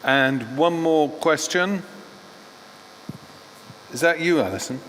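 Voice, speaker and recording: A man moderating a panel discussion in a conference hall, directing it in a brisk way. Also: a little high, fairly bright tone. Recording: echoey hall with faint background noise.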